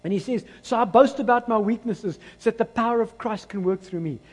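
A man with a South African accent preaching a lively, emphatic sermon to his church. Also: high voice, fairly quick. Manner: animated, rising to emphatic bursts. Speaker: pastor. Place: church hall. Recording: long church hall reverb.

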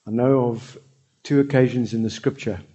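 A South African pastor preaching a lively sermon to his church, now and then dropping into Afrikaans. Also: medium pitch, moderate pace, highs cut off. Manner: animated, switching into Afrikaans.

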